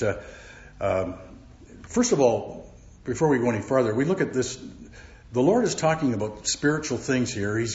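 A man teaching verse by verse from the Bible, halting often with fillers and repeated words. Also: mid-range voice. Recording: roomy, dull recording.

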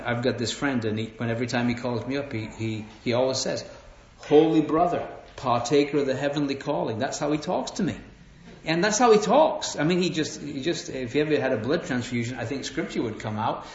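A man's voice: medium pitch, a little hiss or hum. An earnest middle-aged man delivers a sermon, often stumbling over his words and asking the room "right?". The sound is a little muffled, and it echoes through a large room. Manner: earnest, repeats "right?" to the audience; restarts and stammers often. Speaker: preacher. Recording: roomy, dull live hall recording.

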